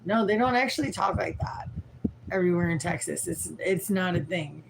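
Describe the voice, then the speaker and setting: A woman's voice: fairly low pitch, lively intonation, moderate pace, gravelly, slight background noise, poor audio. A tired woman from St. Louis rambling frankly through a livestream, swearing casually and leaning on fillers. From Midwest US, St. Louis. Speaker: vlogger livestreaming.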